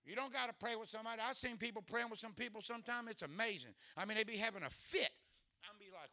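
Preacher guy, high bright voice, cracking jokes, folksy, gets loud now and then. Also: quick pace. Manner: folksy, joking, loud bursts. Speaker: guest preacher. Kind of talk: humorous sermon.

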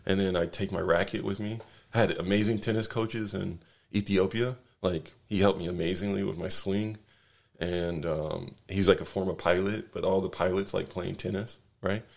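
A man's voice: low-pitched, steady tone, moderate pace, vocal fry. A man casually telling a rambling travel story, full of fillers, restarts and tag questions.

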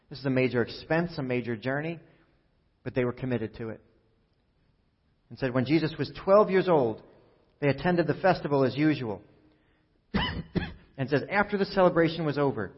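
A male pastor preaching a sermon in a conversational, joking way, acting out the quoted lines. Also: medium pitch. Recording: muffled sound with long hall reverb.

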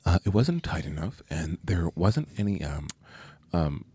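Wry low-voiced man, dry close sound. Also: very animated, a little slow, warm tone, breathy edge, dry recording. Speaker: podcast co-host. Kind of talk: casual movie review chat.

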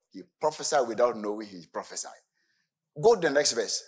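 Man, preacher, sermon, emphatic, swooping lively intonation. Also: mid-range voice, brisk, breathy edge. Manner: emphatic, swings between soft asides and shouted exclamations.

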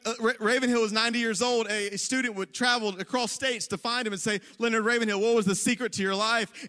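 A young man preaches to a congregation in a high, bright voice. He tells his story with animated energy and pushes toward near-shouting on the points he wants to land. The sound rings out with a long reverb from a large church hall. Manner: animated, rises to near-shouting on key lines. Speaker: pastor. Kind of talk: sermon storytelling.

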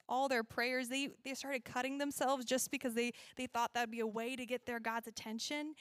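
A woman's voice: on the high side, no echo, clean studio sound. A woman teaching a casual Bible lesson to children at church. She is chatty, laughs often and corrects herself as she goes.

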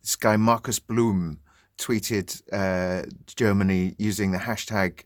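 A man's voice: lowish voice, fairly even intonation, takes it slowly, dry recording, clean studio sound. A man from Britain hosting a casual chat, talking in a reflective, conversational way.

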